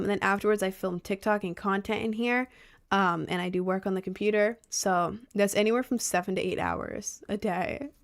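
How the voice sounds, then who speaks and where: A woman's voice: medium pitch, creaky. A young woman live streaming from her chair at home, chatting casually and sarcastically with her chat, full of "like" and laughs.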